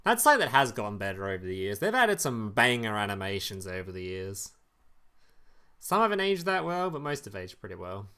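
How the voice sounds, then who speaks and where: A man's voice: on the low side, very animated, fairly quick, sharp tone, clear, resonant tone. Casual swearing young male streamer. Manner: loose and profane, trips over words, chuckles often. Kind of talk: casual live-stream chat.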